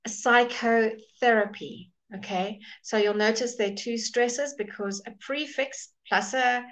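A woman's voice: a little high, a little slow, a bit bright, rough recording. A woman teaching a live online English pronunciation lesson, patiently modelling words and greeting viewers by name.

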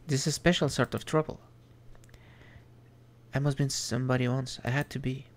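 A man streaming an indie game, reading its text aloud in a measured, reflective way with small asides. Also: mid-range voice, fairly even intonation.

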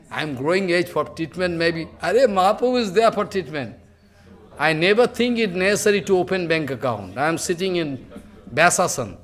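An older man speaking English, giving an emotional devotional sermon in broken English and acting out the dialogue he quotes. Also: on the high side. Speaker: guru giving a religious discourse.

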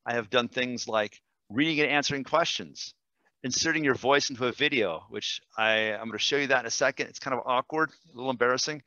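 A man, a language teacher, demonstrating software in a webinar, enthusiastic and quick, with fillers and self-corrections. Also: mid-range voice, dry recording, muffled recording. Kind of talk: screen-share webinar demo.

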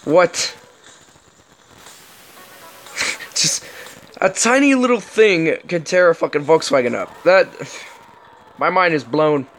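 Excitable cursing gaming commentator man. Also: fairly high pitch, takes it slowly, pauses often. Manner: excitable, profane, joking. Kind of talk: let's play commentary.

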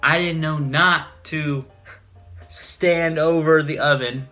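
Laid-back teen boy, bright voice. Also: fairly high pitch, fairly even intonation, slow pace, faint music behind. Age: teens. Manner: laid-back and joking, a bit rambling. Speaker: teen cook. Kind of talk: casual cooking demonstration.

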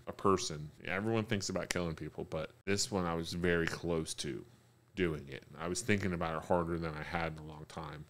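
A man telling a rambling, profane, self-pitying story in a deadpan comic monologue. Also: deep voice. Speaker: comedic monologue host.

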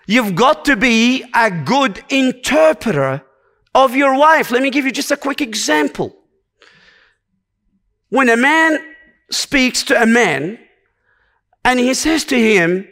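Slow, high-voiced male preacher exhorting. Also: lively intonation, bright, forceful tone. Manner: earnest, exhorting with repeated short commands. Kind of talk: sermon.

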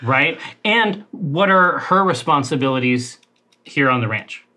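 A man's voice: mid-range voice, animated, measured pace, pushed and bright. A man running a tabletop horror game as keeper, with playful, theatrical phrasing. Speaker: game master.

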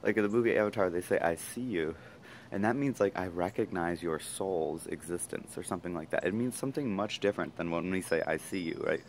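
A man talking casually to his camera, rambling fast with many fillers and asides. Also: low-pitched, a little hiss or hum. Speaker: vlogger. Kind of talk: casual reflective monologue.

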